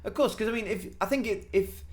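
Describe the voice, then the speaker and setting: A young man from Wales, co-hosting a casual podcast chat and telling animated stories. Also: high voice, fast. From North Wales. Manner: animated storyteller, says "mate" and "man" often. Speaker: podcast co-host.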